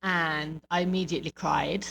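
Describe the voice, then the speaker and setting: A woman's voice: deep voice, fairly even intonation, moderate pace, gravelly, fairly bright tone, slight background noise, rough recording. A woman who wrestles, co-hosting a podcast in casual, chatty conversation. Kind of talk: casual chat.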